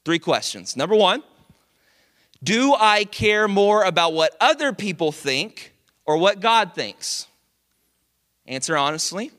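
A middle-aged man preaching a sermon, telling a story with lively, animated delivery and loud acted-out quotes. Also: high voice, slow pace, pauses often.

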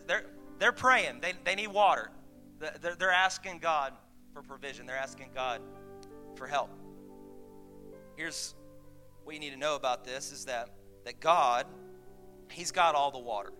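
A man's voice: a little high, normal speed, long pauses, sharp tone, faint music behind. A man preaching a sermon to his church, chatty with laughing asides, building to emphatic points. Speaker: pastor. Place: church sanctuary.

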